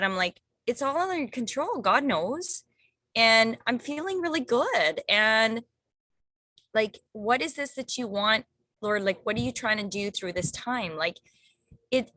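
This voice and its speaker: A woman's voice: medium pitch, no echo, clean studio sound. A woman talking casually in a group discussion, rambling with many restarts and asking "right?" as she goes, acting out what others say. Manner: animated quoting of others. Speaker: book group member.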